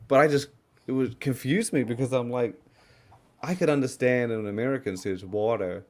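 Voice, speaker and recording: A man's voice: medium pitch, moderate pace, a little mellow. Chatty man telling stories, swearing freely. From Australia or New Zealand. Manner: swears freely, acts out quoted voices. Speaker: podcast panelist. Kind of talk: casual podcast chat.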